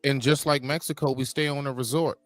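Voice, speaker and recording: A man's voice: medium pitch, fairly even intonation, fairly quick. A man hosting a live-stream debate, blunt and slangy, moderating the panel in casual talk. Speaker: stream host.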